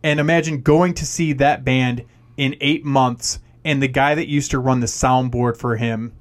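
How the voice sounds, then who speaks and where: A man's voice: medium pitch, fairly even intonation, normal speed. A man co-hosting a podcast, telling rambling stories in casual chat and acting out what people said. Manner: rambling storyteller, many fillers, acts out quotes. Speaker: podcast co-host.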